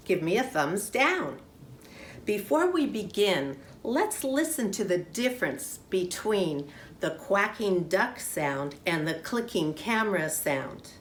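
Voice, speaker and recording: Woman teacher chanting phonics in an echoey room. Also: medium pitch. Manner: slow, clearly sounded-out, sing-song chanting. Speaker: kindergarten teacher. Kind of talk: phonics lesson for young children. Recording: echoey room, faint background noise.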